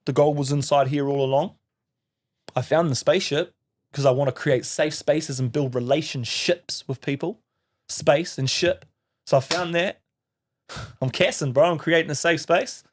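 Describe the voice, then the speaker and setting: Speaking at normal speed in a slightly high, steady voice, a thirtysomething New Zealander appears as a podcast guest. He tells an emotional story, cursing freely and performing the voices of other people in it.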